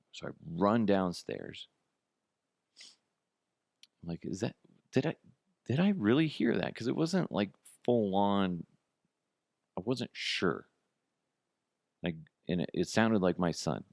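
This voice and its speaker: A middle-aged man with a low, gravelly voice tells stories on his own podcast, swearing freely and breaking into high, disbelieving exclamations. His voice sounds close and dry, with almost no room sound. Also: measured pace, long pauses, no echo. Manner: profane, animated, jumps to high incredulous pitch. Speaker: podcast host. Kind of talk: casual comedic storytelling.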